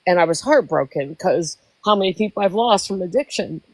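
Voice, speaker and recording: A woman's voice: on the low side, expressive, fairly quick, rough recording. A woman in her sixties telling a long emotional story in casual chat, rambling. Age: 60s. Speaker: guest.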